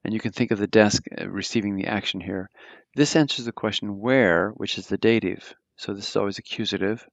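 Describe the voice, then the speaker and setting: Patient, lower-voiced male German teacher. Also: brisk, vocal fry, no room sound, muffled recording. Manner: explains patiently, with frequent fillers and restarts. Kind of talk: live online grammar lesson.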